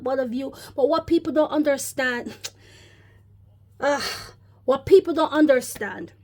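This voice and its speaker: A woman's voice: high voice, warm tone. Rambling woman vlogger preaching. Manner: rambling, repeatedly addresses viewers as brothers and sisters. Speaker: religious vlogger. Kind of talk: casual spoken religious commentary.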